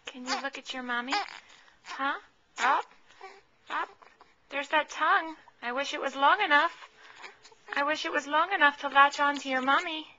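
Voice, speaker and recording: A woman's voice: sits high, steady tone, moderate pace, pauses often, pushed and bright. A mother talking baby talk to her infant at home in a sing-song, coaxing way, filmed on a handheld camcorder. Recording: dull lo-fi camcorder audio.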